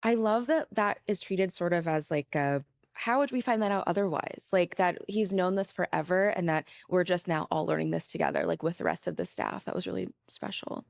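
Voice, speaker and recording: Woman with a gravelly low voice, podcasting. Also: a little fast, no echo. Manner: chatty, lots of "like", emotional reactions. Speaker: podcast co-host. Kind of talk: casual discussion of a TV episode.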